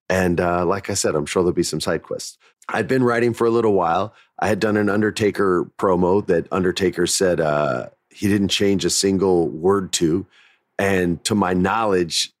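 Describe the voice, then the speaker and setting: A man's voice: sits low, dry recording, clean studio sound. A man in his forties hosting a podcast, telling a story in a candid, reflective way and looping back to restart his thoughts. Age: 40s. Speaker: podcast host. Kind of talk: casual storytelling monologue.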